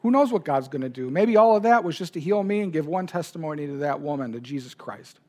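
A man's voice: a little high, expressive, fast, a little mellow. A man preaching a sermon as pastor, telling a personal story with emotion. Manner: personal, emotional anecdote told to a congregation.

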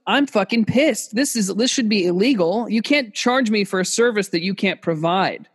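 High-voiced man ranting with mock fury. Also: animated, moderate pace, breathy edge, long reverb tail. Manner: exaggerated angry ranting. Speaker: podcast co-host. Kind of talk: comedic podcast banter. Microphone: remote video call.

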